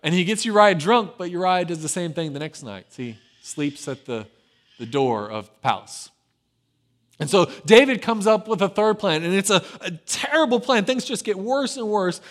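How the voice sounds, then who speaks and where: A man delivers a sermon as a storyteller, with a voice pitched a little on the high side. He punches key phrases with energy and then sinks into quiet, low, intimate stretches. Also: moderate pace. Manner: swings between lively emphasis and hushed low delivery. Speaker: pastor. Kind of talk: sermon retelling a scripture story.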